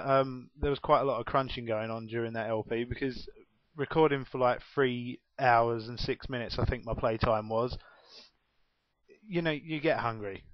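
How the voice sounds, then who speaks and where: A man's voice: mid-range voice, dry recording. Rambling man on a dull, dry recording. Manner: rambling and self-deprecating. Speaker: vlogger. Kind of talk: casual chat answering tag questions.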